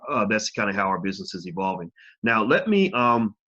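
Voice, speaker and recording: A man's voice: on the low side, sing-song, a little fast, pushed and bright. A man hosting his own live video channel, chatting casually and frankly with viewers and swearing freely. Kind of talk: casual livestream chat. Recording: dull lo-fi livestream audio.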